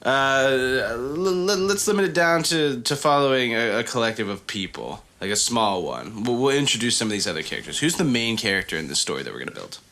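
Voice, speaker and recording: A man co-hosting a podcast, improvising a comic story in a playful, quick way. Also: medium pitch, very animated, sharp tone. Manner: playful, quick, laughs often. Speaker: podcast co-host.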